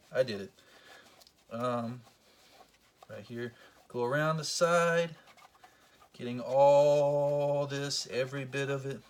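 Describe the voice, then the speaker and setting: A man giving a casual, joking how-to tutorial, talking to the camera while he works. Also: medium pitch. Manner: joking, self-deprecating, talks while working. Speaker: collector demonstrating belt cleaning.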